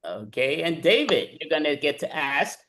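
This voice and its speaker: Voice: mid-range voice, big pitch swings, normal speed, a bit bright. A host running an improv comedy game over a video call, giving casual instructions. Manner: casual, instructing, loose fillers.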